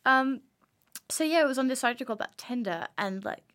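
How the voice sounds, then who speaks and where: A woman's voice: high voice, animated, a little fast, a bit bright. A woman hosting a podcast in casual chat, rambling and going off on tangents. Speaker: podcast host.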